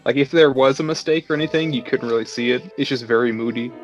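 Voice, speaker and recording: A man's voice: mid-range voice, quick pace, muffled recording, faint music behind. A man co-hosting a casual film review chat over beers, talking in a loose, easygoing way. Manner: relaxed, talks with many "like" fillers. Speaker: podcast co-host.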